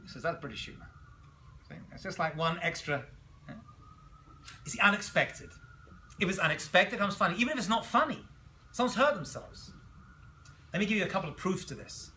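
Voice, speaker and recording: A man teaching a class as a rabbi, telling jokes and stories in an animated way and throwing questions at his students. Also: high-pitched, fairly quick, long pauses, slight background noise. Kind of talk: classroom lecture.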